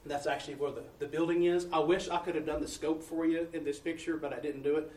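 Folksy preacher in an echoey hall. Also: male voice, on the high side, steady tone, fast, a little mellow. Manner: folksy storytelling, acting out dialogue. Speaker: missionary preacher. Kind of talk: sermon-style testimony with slides. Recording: echoey room, distant mic, faint ambience.

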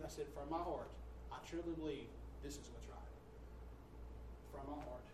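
A man preaching as pastor to his congregation, reading quotes slowly and loudly with a preaching cadence. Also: fairly high pitch, background noise. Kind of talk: sermon. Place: church sanctuary. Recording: echoey church from far off.

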